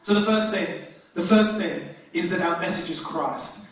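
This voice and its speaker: A man preaching a sermon as pastor, talking in a conversational, lively way with frequent restarts. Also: sits high, moderate pace. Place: church hall. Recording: very echoey hall, distant mic.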